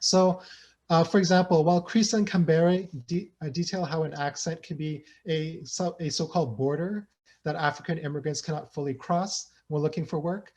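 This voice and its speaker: A man's voice: fairly high pitch, fairly even intonation, moderate pace, a little mellow. A man giving an academic presentation over a video call, conversational, with hesitations and frequent "right?" tags. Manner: thinks aloud with hesitations. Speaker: guest researcher presenting.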